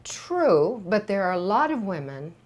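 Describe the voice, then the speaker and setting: An older woman from Sweden with a Swedish accent, a Swedish native speaking English as an actress guest in a candid studio interview, talking in a reflective, unhurried way with frequent pauses and fillers. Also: medium pitch, big pitch swings, a little mellow, a little hiss or hum.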